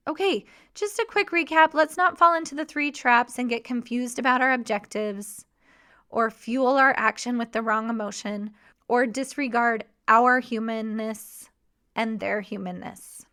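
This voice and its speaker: A woman hosting a podcast, talking in a warm, encouraging coaching tone. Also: fairly high pitch, measured pace, clear, resonant tone. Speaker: podcast host and mission coach. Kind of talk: podcast monologue.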